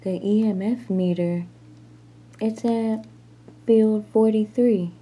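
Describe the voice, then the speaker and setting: A woman's voice: medium pitch, fairly even intonation, slow pace, dark tone, husky. A woman vlogging in a casual chat, rambling and self-mocking as she tinkers and jokes.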